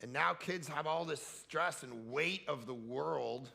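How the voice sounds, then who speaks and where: A middle-aged man preaching with a bright, forceful, gravelly voice that sits fairly high. He tells jokes and acts out quotes in a higher voice. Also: unhurried. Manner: animated, jokey storyteller acting out quotes in a high voice. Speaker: pastor. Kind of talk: sermon; energetic comic preaching. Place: large hall at a camp.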